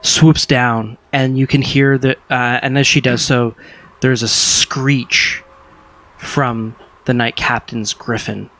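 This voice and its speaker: A man's voice: mid-range voice, little pitch movement, slow pace, a bit bright. A man narrating a tabletop game as game master, describing scenes unhurriedly with fillers.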